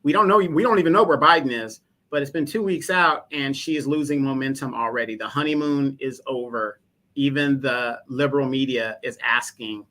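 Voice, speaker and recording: A man's voice: medium pitch, moderate pace, pushed and bright. A man co-hosting a livestream, giving casual political commentary and asking pointed rhetorical questions. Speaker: livestream co-host.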